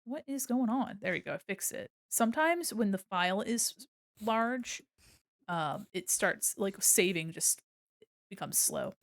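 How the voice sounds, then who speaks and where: A woman's voice: medium pitch, animated, measured pace, dry recording, clean studio sound. A woman streaming as an illustrator, chatting casually while she draws, bubbly and giggly, rambling with many fillers. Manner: bubbly and giggly, with gushing greetings. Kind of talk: casual livestream chat while drawing.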